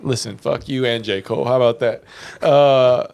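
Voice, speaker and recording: A man's voice: mid-range voice, fairly even intonation, moderate pace, creaky, darkish tone, clear, resonant tone. A man co-hosting a podcast in casual chat, blunt and profane, laughing often. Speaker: podcast co-host.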